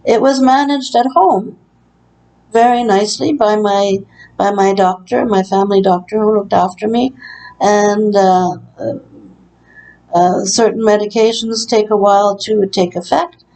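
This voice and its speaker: Brief: bedbound woman recording a testimony in her care-home room, mellow tone, earnest and aggrieved, halting delivery. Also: mid-range voice, steady tone, rough recording. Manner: earnest, aggrieved, hesitant with frequent uh. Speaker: long-term care resident. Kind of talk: personal testimony vlog.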